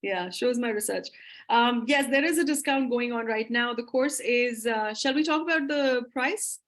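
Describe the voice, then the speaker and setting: A woman's voice: on the high side, normal speed. A woman co-hosting a live online English class, talking in a chatty, friendly way with filler words. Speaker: co-host and English instructor.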